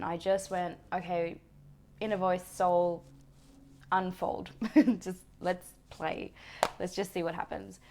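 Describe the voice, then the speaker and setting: Woman vlogger, low and creaky, reflective and unhurried, trips over her own restarts. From Australia. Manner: reflective, gentle, with frequent restarts and soft laughs. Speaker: wellness vlogger. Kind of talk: casual personal storytelling.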